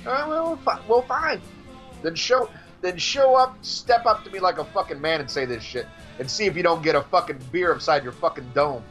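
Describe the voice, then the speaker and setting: Male podcast host, foul-mouthed ranter, pitch jumps all over. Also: lively intonation, fairly quick, hardly any pauses, a bit bright, faint music behind. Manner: profane, ranting, mocking. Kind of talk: casual podcast banter.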